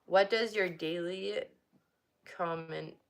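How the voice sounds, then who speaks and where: A woman's voice: on the low side, fairly even intonation, vocal fry, slight background noise. A young woman casually reading a book aloud, breaking off to chat and laugh now and then. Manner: reads haltingly, stops to chat and laugh.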